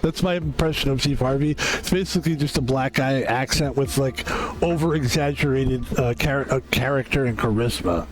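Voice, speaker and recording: A man's voice: mid-range voice, normal speed, faint music behind. A man streaming a video game, chatting in a loose, joking way and swearing freely. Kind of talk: casual gameplay commentary.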